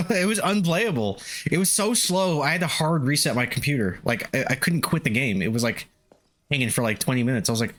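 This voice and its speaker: A man's voice: mid-range voice, lively intonation, fairly quick, fairly bright tone. A man casually commentating his game stream, swearing freely and laughing often.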